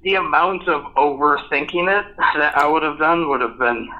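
A man's voice: fairly high pitch, moderate pace, lo-fi sound. A man in his thirties co-hosting a podcast, talking casually with lots of fillers and asides. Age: 30s. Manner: rambling, filler-heavy questions. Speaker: podcast co-host. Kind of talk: casual chat.

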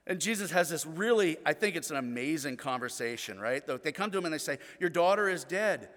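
A middle-aged man preaching a sermon as pastor, telling the story earnestly and often dropping to a hushed tone. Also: a little high, lively intonation, a little fast, in a large hall.

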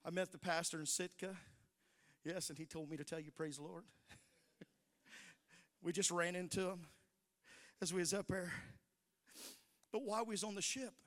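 High, bright-voiced preaching pastor. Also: male voice, big-room sound. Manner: storytelling that builds into shouted preaching. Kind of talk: sermon.

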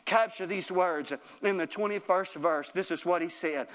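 A man's voice: sits high, moderate pace, hardly any pauses, a bit bright. A man preaching a sermon, working in rhythmic repeated phrases and calling out to the congregation, building to a fervent raised delivery. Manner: rhythmic repetition, calls out to the congregation.

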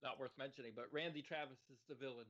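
A man's voice: medium pitch, steady tone, fast, a bit bright. A young man in casual comedic talk about a movie, rambling wryly with lots of fillers. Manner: rambling, filler-heavy, wry. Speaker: podcast co-host. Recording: slightly dull audio.

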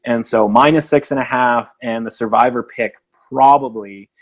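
Animated man talking sports betting. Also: mid-range voice, moderate pace. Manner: animated, acts out quoted voices. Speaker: podcast co-host. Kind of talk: casual sports betting chat.

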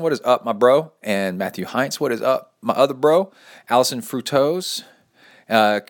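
Low-voiced podcast guy, chatty and goofy, reads fan emails with a bit of drama. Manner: chatty and playful, reads emails with dramatic flair and quick asides. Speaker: podcast host and triathlon coach. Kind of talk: casual podcast chat, reading listener mail aloud.

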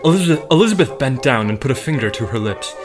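A man co-hosting a comedy podcast, reading a scripted story with dramatic flair between quick deadpan quips. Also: medium pitch, over music.

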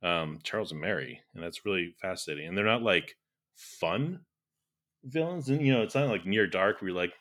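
A man co-hosting a podcast, talking casually and quickly about a film, laughing and saying "like" often. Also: low voice, lively intonation, a bit bright. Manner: quick, giggly, full of "like". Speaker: podcast co-host.

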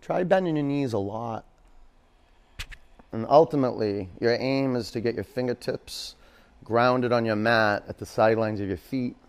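A man's voice: medium pitch, clean tone. A man teaching a live yoga class in a studio, giving pose cues and chatting with jokey asides to his students.

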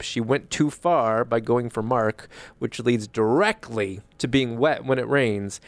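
Male podcast co-host, mid pitch, dry close sound, reads listener mail with amused ease. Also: dry recording. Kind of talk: casual chat and reading a listener email aloud.

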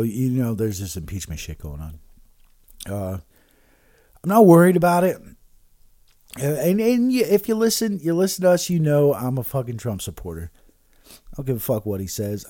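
A man's voice: medium pitch, mellow, no room sound. A man hosting a podcast alone, rambling and swearing with many fillers and restarts while taking shots of liquor. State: drinking shots while talking. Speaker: podcast host. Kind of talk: casual rambling monologue.

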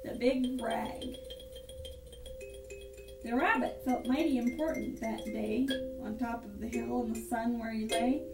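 Give me a woman reading rhyming verse with animated sing-song rhythm, high-pitched, in an echoey room with music behind. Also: measured pace, gravelly. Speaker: reader. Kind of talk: rhyming storybook reading over improvised music. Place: house room. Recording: echoey room, mic far off, with instrument playing.

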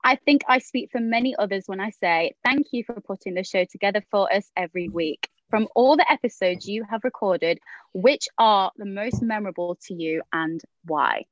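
A woman's voice: mid-range voice, no room sound, lo-fi sound. Upbeat woman hosting a podcast. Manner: upbeat, reads announcements briskly. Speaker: podcast host. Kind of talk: casual chat and reading listener questions.

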